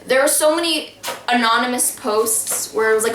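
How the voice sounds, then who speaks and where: A woman's voice: fairly high pitch, lively intonation, brisk, noisy background. A young woman telling a story in casual chat, rambling with many fillers and restarts. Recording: echoey room, from far off.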